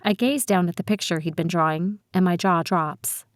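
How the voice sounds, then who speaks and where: Audiobook narrator: woman, first person, lowish voice, steady and measured, dry close read. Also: dry recording.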